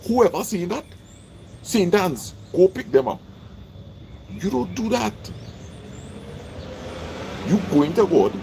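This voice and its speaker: A man with a Trinidadian accent giving a casual motivational talk, emphatic and repeating his points, his voice jumping high when he makes them. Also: noisy background. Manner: emphatic, repeats lines for effect, jumps high in pitch. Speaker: vlogger.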